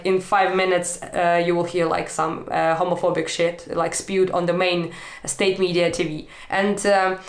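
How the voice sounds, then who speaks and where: Woman, echoey room. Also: on the low side. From Ukraine. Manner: candid, loose with many fillers. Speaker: interviewee. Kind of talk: casual interview answer.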